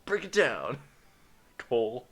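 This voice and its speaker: A man's voice: mid-range voice, huge pitch swings, fairly bright tone, husky. A man streamer reading a visual novel aloud with voices, joking and playful. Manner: joking, playful, quick to laugh.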